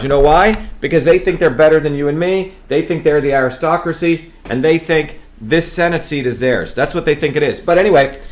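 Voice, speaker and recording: A man from India running for office, speaking emphatically to camera and often stumbling on and repeating his words. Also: on the high side. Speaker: political candidate hosting a web show. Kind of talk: campaign talk to camera.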